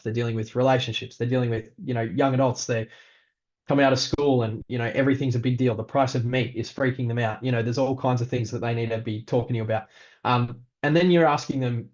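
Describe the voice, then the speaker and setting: A male pastor, giving a practical leadership talk in a relaxed, conversational way with frequent ums. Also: medium pitch, muffled recording.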